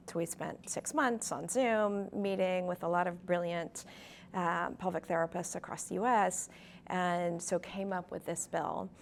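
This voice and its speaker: A woman's voice: fairly low pitch, vocal fry, a little hiss or hum. A woman in her forties, a pelvic health physical therapist and clinic owner, telling stories in a conversational interview with frequent ums. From California, USA. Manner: warm storytelling with frequent ums.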